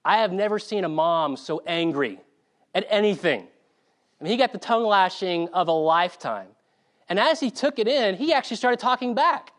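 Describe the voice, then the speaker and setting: A male preacher from South Carolina delivering a sermon and telling a story in an animated way. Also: sits high, moderate pace.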